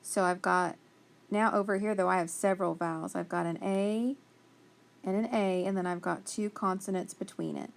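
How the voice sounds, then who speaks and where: A woman's voice: medium pitch, fairly even intonation, moderate pace, creaky. A woman teaching a phonics spelling lesson, patiently sounding out letters and praising each answer.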